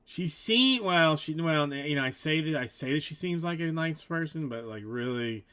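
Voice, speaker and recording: A man's voice: on the high side, animated, normal speed, sharp tone, clear, resonant tone. A man hosting a live stream, telling a rambling story in casual chat, acting out both sides of a conversation. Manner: rambling, with many restarts and quoted back-and-forth.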